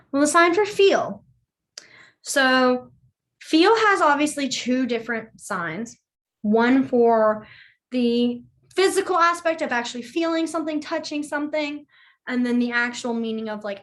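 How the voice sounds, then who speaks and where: Brief: young woman, chatty teacher, slightly high voice, easily sidetracked. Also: expressive, unhurried. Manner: chatty, rambling, apologizes for sidetracks. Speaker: sign language teacher. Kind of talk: casual online class teaching.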